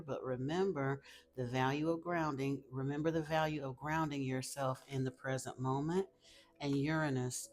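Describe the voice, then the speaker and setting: A woman giving an emphatic spiritual tarot reading to her viewers, repeating phrases for stress. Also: deep voice. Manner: emphatic, repeats phrases, gets teary, talks to viewers as y'all. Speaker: tarot reader.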